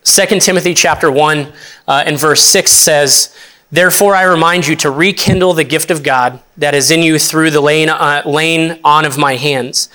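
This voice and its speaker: A young man, an associate pastor, preaching a sermon in an earnest, halting way with many restarts. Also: on the high side, fairly even intonation, bright, forceful tone.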